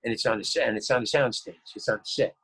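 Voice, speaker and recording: A man's voice: medium pitch, fast talker, slightly rough. A man, a guest actor, telling a story and acting out what people said, often repeating his words. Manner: animated, acts out quoted lines, repeats words. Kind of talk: storytelling anecdote.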